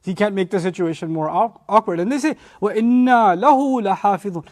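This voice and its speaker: A man teaching a Quran study lecture, animated and often acting out quoted lines. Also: sits high, rapid-fire.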